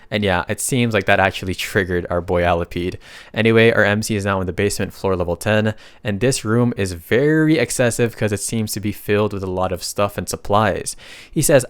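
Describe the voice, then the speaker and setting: A man casually recapping a comic story, reading out characters' lines and reacting with excited slang. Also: lowish voice, brisk, smooth, no room sound. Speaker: recap narrator.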